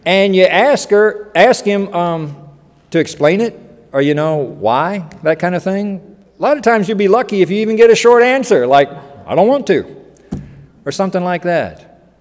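A pastor preaching a sermon in a folksy, joking way, acting out quotes, in a church hall. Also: male voice, sits high, moderate pace. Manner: folksy, animated, joking asides and acted-out quotes.

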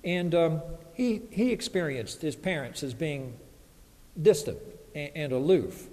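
A man's voice: on the high side, lively intonation, unhurried, dark tone. A man preaching a sermon as a pastor, earnest and emphatic, voice lifting when he quotes others. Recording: hall reverb.

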